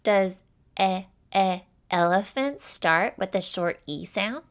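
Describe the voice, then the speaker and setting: A young woman teaching a children's phonics lesson, slow and clear, stretching out each sound and cheering the listener on. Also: medium pitch, lively intonation.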